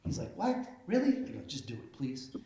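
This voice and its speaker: A man's voice: medium pitch, very animated, fairly quick, gravelly, warm tone. Man telling funny stories in a roomy hall. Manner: self-deprecating, acts out voices in his anecdotes, many fillers. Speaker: mayor giving an award speech. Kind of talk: humorous storytelling speech. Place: banquet hall at a chamber of commerce meeting. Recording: roomy hall with faint noise.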